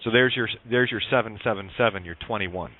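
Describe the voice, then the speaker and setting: A man's voice: fairly low pitch, a little fast. A male radio show host talking casually on a call-in show, rambling with many fillers and turning blunt and profane when annoyed. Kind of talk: call-in talk show chat. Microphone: headphones and studio mic. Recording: tinny phone-like line with faint hiss.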